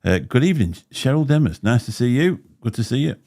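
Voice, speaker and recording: A man hosting a livestream talks at a brisk clip in a medium-pitched, darkish voice with big pitch swings. Speaking into a desk microphone, he rambles through casual chat, laughing frequently, with a slight lisp.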